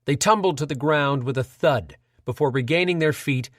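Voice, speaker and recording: A man's voice: on the high side, no room sound, studio quality. Dramatic male audiobook narrator. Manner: dramatic, measured reading.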